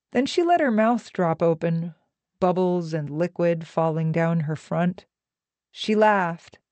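A woman narrating a novel in a slow, measured, even reading voice. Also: fairly low pitch, dry recording. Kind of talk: audiobook narration.

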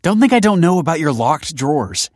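A man's voice: on the high side, very animated, brisk, a little mellow, no echo, studio quality, pitched above the performer's own voice. A man voicing a tense, secretive mother who snaps curt retorts. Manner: snappy, clipped retorts.

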